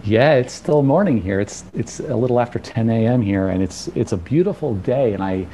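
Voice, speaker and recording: A man's voice: mid-range voice, expressive, moderate pace, mellow, slight background noise. A man from New Jersey who works as a personal trainer, talking casually and openly as an interview guest and often repeating words as he starts a sentence. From New Jersey, USA. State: slightly out of breath.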